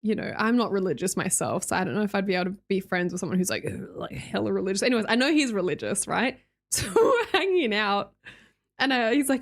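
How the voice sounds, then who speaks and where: A woman's voice: medium pitch, expressive, fast talker. A young Australian woman streamer chatting casually with her viewers, reading their messages aloud and laughing often. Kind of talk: casual chat with live chat readers.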